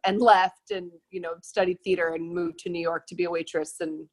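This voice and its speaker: A woman guest in a casual chat, telling family stories in an animated way and laughing often. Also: lowish voice, fairly quick, rough recording.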